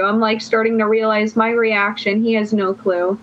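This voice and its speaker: A woman's voice: medium pitch, little pitch movement, normal speed. A young woman guest on a podcast telling a long personal story in casual chat, rambling and filling her phrases with "like". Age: young adult. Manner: rambling, fills every phrase with "like". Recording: dull lo-fi sound.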